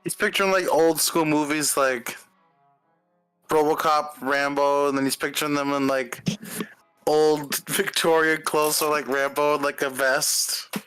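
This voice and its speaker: A man playing a tabletop game, describing his character in a hesitant, halting way. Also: a little high, steady tone, fairly bright tone, smooth, soft background music, rough recording. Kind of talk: casual chat.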